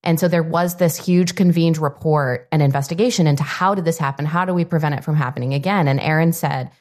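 Low-voiced woman explaining steadily. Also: fast talker, darkish tone. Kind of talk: conversational talk.

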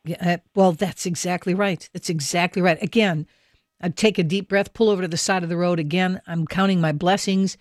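A man's voice: high voice, fairly even intonation, fairly quick, no room sound, studio quality. A man hosting a Christian radio interview, talking in an earnest, encouraging, preacherly way.

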